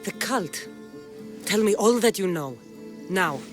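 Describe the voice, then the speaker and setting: A woman's voice: mid-range voice, expressive, slow pace. A woman voicing a blunt mercenary warrior in a video game, speaking in a curt, businesslike, commanding way. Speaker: game protagonist. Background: game music.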